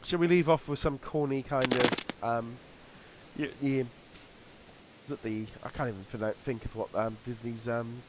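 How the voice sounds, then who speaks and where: A man's voice: medium pitch, fairly even intonation, very noisy. A British man co-hosting a podcast in casual, rambling chat with lots of fillers and restarts. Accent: British English. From Britain. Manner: rambling, halting, many fillers. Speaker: podcast co-host.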